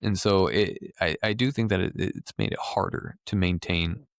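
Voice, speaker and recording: A man's voice: low voice, moderate pace, no echo, studio quality. A man therapist co-hosting a podcast in casual chat, reflective and hesitant, often restarting his sentences.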